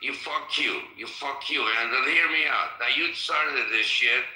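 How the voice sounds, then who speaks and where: Combative older man, bright edgy voice. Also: mid-range voice, measured pace. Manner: combative, profane, heckling. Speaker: caller in a live chat room. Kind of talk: heated argument. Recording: roomy echo.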